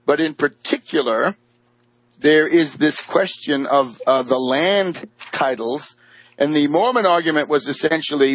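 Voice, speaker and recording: A man's voice: a little high, a little slow, fairly bright tone, no room sound. A man giving a rambling political monologue, full of fillers and restarts. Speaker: political commentator. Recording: dull lo-fi dry audio.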